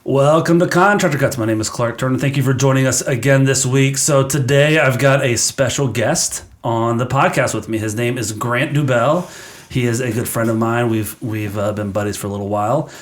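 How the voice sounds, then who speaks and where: A man's voice: medium pitch, moderate pace. A man hosting a podcast, welcoming and questioning his guest in a friendly, chatty way. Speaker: podcast host. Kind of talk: casual interview.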